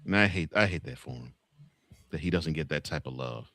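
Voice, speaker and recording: A man co-hosting a casual college football chat, teasing his partner and laughing loudly. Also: extremely low pitch, expressive, fairly quick, dry recording. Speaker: co-host.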